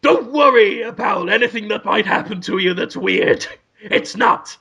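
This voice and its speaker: A man putting on a loud, breathy impression of a gruff older lawyer who hoots and shouts. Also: sits high, a little slow, dull audio, full character voice. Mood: blustering.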